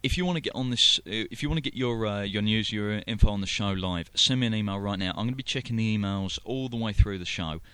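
A man's voice: on the low side, fast, few pauses, a bit bright, clear, resonant tone, dry recording. A man with a London accent hosting a live internet radio show, rambling through announcements with many fillers and restarts. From London, England. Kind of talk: casual live radio chat.

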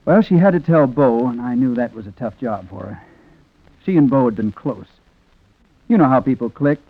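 An actor narrating a 1940s radio drama as a reflective man, quiet and rueful. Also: medium pitch, animated, normal speed, no room sound. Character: reflective man telling a sad story. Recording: tinny old radio recording with music.

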